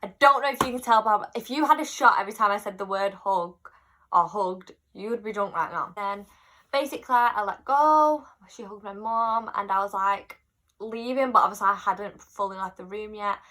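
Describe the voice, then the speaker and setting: A woman's voice: mid-range voice, normal speed. A young woman telling a personal story in a casual, chatty vlog, acting out what people said. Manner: chatty, animated retelling with quoted voices. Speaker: vlogger.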